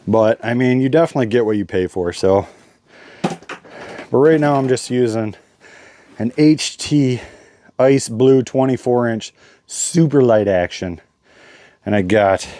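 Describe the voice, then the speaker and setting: A man's voice: medium pitch, warm tone, a little hiss or hum. A man hosting a fishing vlog in casual, enthusiastic chat, a bit out of breath. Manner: enthusiastic, chatty. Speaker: fishing vlogger. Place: inside an ice fishing shelter.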